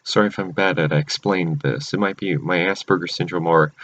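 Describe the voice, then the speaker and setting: A man's voice: deep voice, fairly quick, a bit bright, slight background noise. A man casually recapping cartoon episodes, rambling and often restarting or correcting himself mid-sentence. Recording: dull lo-fi recording.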